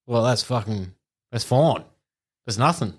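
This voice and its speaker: A man's voice: mid-range voice, lively intonation, a little slow, slightly rough. An Australian man, a podcast co-host, telling a crude story in casual chat and laughing through it.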